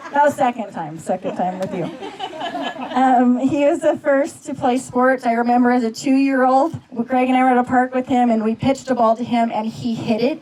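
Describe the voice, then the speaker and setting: A woman's voice: on the high side, a little mellow, slight background noise, low-quality recording. A middle-aged woman, the groom's mother, giving an emotional personal tribute, tearful and laughing through her words. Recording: faint background music.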